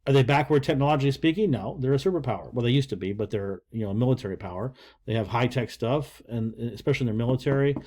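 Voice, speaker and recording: A man's voice: medium pitch, rapid-fire, a little mellow. Folksy older man teaching. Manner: rambling, folksy, joking asides. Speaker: Russian language teacher. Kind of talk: casual video lesson.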